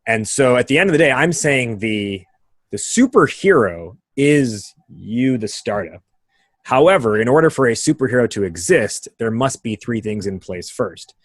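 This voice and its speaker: A man's voice: medium pitch, animated, moderate pace, slightly rough, no echo. A man hosting a podcast in casual conversation, explaining ideas animatedly with vivid analogies and frequent tag questions. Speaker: podcast host.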